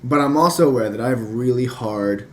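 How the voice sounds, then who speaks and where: A man's voice: medium pitch, fairly quick, a little hiss or hum. A young man chatting casually as a podcast guest, telling stories and acting out what people said. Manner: animated storyteller, acts out quotes. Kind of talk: casual chat.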